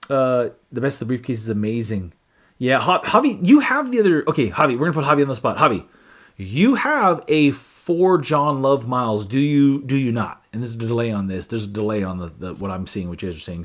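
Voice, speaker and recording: Hosting a whiskey channel livestream, a man talks loosely and chattily, reading out comments from viewers as he goes. His pitch sits in the middle range, and he often restarts and uses fillers.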